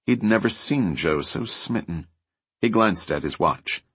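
A man reading a thriller as an audiobook narrator, telling the story with lively expression. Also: on the low side, measured pace, breathy edge, no echo. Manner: lively storytelling, voices characters lightly. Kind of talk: scripted narration.

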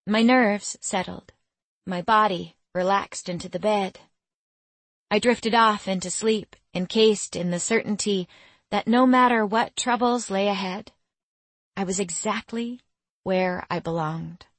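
A woman giving scripted first-person audiobook narration in a measured, intimate storytelling manner. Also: mid-range voice, no room sound.

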